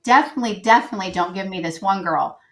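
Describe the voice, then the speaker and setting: A middle-aged guest on a podcast, she recounts personal anecdotes casually and animatedly, voicing the dialogue herself. Her medium-pitched voice moves fast, and there's a little hiss or hum in the recording.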